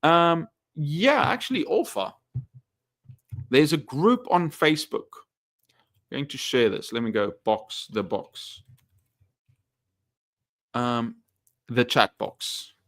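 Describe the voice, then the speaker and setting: A man's voice: on the high side, lively intonation, slow pace, long pauses, fairly bright tone, no room sound, studio quality. Chatty man reading viewer comments. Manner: rambling, many fillers and restarts, reads viewer comments aloud. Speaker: English teacher streaming live. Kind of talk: casual live-stream chat.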